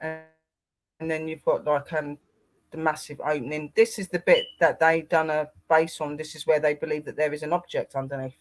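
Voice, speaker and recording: A man's voice: a little high, flat delivery, brisk, soft background music. A man co-hosting a casual paranormal livestream, rambling and greeting viewers by name.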